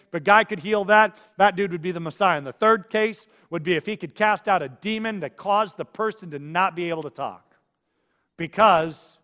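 A man with a fairly high voice preaches, telling his story with animated energy. He moves from big emphatic lines to near-whispers. His voice carries a long reverb, as if he were in a large hall. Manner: animated storytelling, swings from loud to hushed. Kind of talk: sermon.

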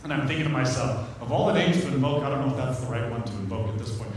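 A man's voice: medium pitch, racing, recorded from a distance, slight background noise. Man preaching in an echoey hall. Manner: conversational, joking asides while teaching scripture. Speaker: pastor. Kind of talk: sermon.

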